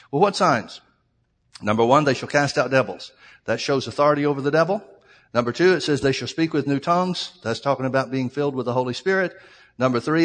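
Long hall reverb colors this recording of a pastor's sermon, in which he reads scripture aloud to his congregation and explains each verse in turn. His voice is medium in pitch and fairly bright.

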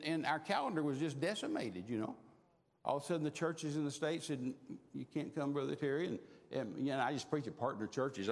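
A man's voice: on the high side, vocal fry, darkish tone. An older man preaching a storytelling sermon in a folksy way, often stumbling over and repeating his words. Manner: folksy, stammers and repeats words, chuckles while telling. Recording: long reverb of a large hall.

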